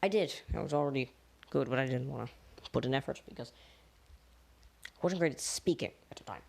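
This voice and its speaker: A woman's voice: brisk, vocal fry, darkish tone. A woman rambling through a jokey mock stand-up monologue, correcting herself as she goes. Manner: rambling, self-correcting, jokey, pitch swinging up and down. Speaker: solo comedic rambler.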